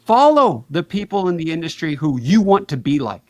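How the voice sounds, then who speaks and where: A man talking energetically as a podcast guest, fast and animated, with big swings in his voice. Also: a little high. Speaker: podcast guest, payments educator. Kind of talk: energetic conversational interview.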